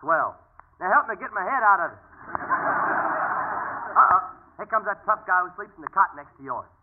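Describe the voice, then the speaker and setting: Man, goofy comedy sidekick, high voice, lo-fi broadcast with hiss. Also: big pitch swings, normal speed. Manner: goofy, laughs at his own gags. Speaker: comic sidekick. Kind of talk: 1940s radio comedy sketch. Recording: tinny old radio broadcast with hiss.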